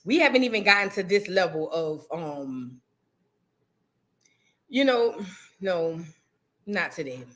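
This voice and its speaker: A woman hosting a casual reaction livestream, rambling in slang, reading chat and shouting out viewers. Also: fairly low pitch, expressive, slow, long pauses.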